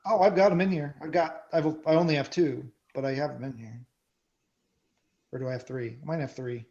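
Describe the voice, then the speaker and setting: Guy thinking out loud mid card game, kinda high voice, muffled lo-fi audio. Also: fairly even intonation, fairly quick. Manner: thinks aloud while playing. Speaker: card game player and co-host. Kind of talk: casual gameplay chat.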